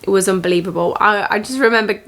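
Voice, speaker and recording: A woman, telling a personal story to camera in an earnest, reflective and emotional way, halting with small restarts. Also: mid-range voice, fairly bright tone. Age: 20s. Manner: emotional, motivational. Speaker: vlogger.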